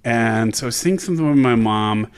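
A young adult man co-hosting a podcast, telling a casual story in an animated way and laughing often. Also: medium pitch, a little fast, clear, resonant tone. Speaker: podcast co-host. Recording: podcast mic.

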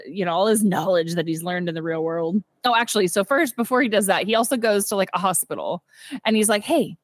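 Young woman podcast co-host, animated film recap, quoted voices, dry close sound. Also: mid-range voice, dry recording. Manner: animated retelling with quoted character voices and frequent laughter. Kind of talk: casual movie recap chat.

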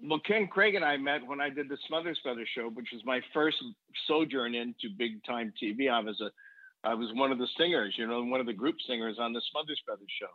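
A man's voice: mid-range voice, fairly quick, no room sound. Older man telling stories over a phone-like line. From United States. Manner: animated storyteller, acts out quoted voices. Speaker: guest songwriter. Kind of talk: storytelling in conversation.

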